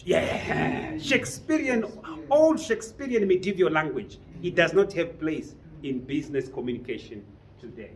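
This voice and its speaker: A man's voice: fairly high pitch, lively intonation, moderate pace, few pauses. A man teaching a business writing class, lecturing and often putting questions to his students. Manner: quizzes the class with frequent questions. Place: training room with a class.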